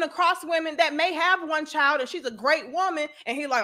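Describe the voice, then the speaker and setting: A woman hosting a casual live stream, reading donations and speaking in an animated, outspoken, slangy way. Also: sits high, a little fast, few pauses.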